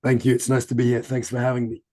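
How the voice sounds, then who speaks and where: Hoarse man on a video call. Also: mid-range voice, completely flat delivery, fast, darkish tone. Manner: jokey, self-deprecating, informal. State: hoarse, voice nearly gone. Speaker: trainer. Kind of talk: online training talk.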